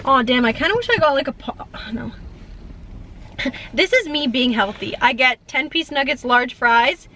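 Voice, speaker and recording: High-pitched playful young woman. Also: animated, normal speed, pushed and bright, a little hiss or hum. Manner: playful, jokey, bursts into song. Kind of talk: casual chat. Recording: music playing in the background.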